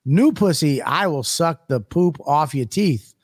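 A man's voice: a little high, animated, a little slow. A man co-hosting a podcast, trading brash, profane jokes in casual banter. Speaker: podcast co-host. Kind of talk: crude comedic banter.

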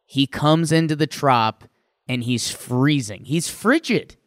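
A young man co-hosting a sports podcast in easygoing banter, his voice smooth and resonant. He talks in quick asides and leans into names for fun. The sound is close and dry, with no room around it. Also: fairly high pitch, no room sound. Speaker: podcast co-host. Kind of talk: casual sports chat.

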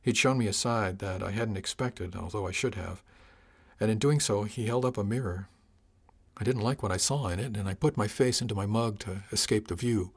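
A man giving first-person scripted narration for an audiobook in a measured, reflective way. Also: fairly low pitch, slightly rough.

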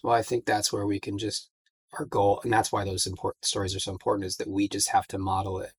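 Husky, reflective man on a podcast. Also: lowish voice, monotone, fast talker, dry recording. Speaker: podcast guest. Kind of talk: candid podcast conversation.

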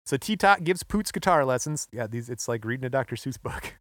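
A man's voice: mid-range voice, normal speed, no echo, clean studio sound. Man casually retelling history. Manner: relaxed, recounts history, laughs often. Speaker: podcast co-host. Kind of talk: casual storytelling chat.

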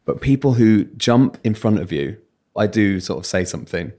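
A man's voice: fairly low pitch, expressive, moderate pace, darkish tone. A British man and radio presenter, a guest in a casual interview, talking candidly and telling self-mocking stories.

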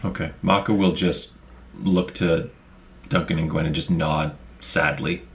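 A man playing a tabletop game, calmly saying what his character does. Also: a bass voice, measured pace, slight background noise. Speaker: player. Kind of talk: casual tabletop play.

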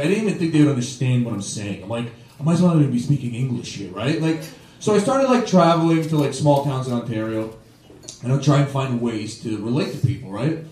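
A man's voice: mid-range voice, a little mellow. A young man from Toronto doing a stand-up set, rambling loosely and tagging lines with "right?" and "okay?". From Toronto, Canada. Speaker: stand-up comedian. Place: comedy club stage. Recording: live club recording, roomy and distant. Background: audience laughing.

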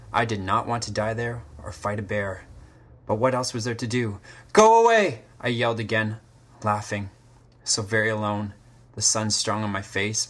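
A man reading a scripted first-person story, measured and literary, with short terse sentences. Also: lowish voice, fairly bright tone. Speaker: story narrator. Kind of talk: scripted dramatic narration.

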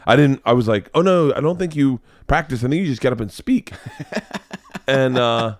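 A man hosting a podcast, telling a rambling story in casual chat, swearing and laughing often. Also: mid-range voice. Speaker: podcast host and comedian.

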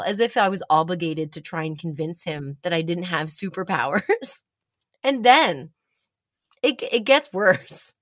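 A woman, likely in her thirties, casually telling a personal story with animated delivery and dramatic pauses. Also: no echo, studio quality. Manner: animated, dramatic pauses, rising pitch when excited.

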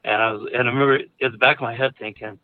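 A man's voice: mid-range voice, fairly even intonation, rapid-fire. A man casually telling a personal story, rambling with lots of fillers and restarts. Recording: narrow phone-like audio.

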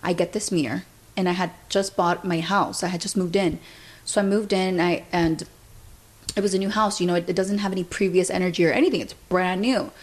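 A woman's voice: fairly low pitch, fairly even intonation, fairly quick. A young adult woman hosting a podcast, telling a story in a casual, chatty way and filling her speech with "like". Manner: chatty, fills speech with "like", retells events through quoted dialogue. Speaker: podcast host.

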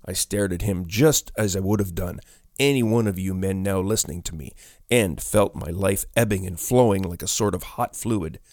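A man narrating a ghost story in a measured storytelling delivery. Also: sits low, a little mellow, no room sound, studio quality.

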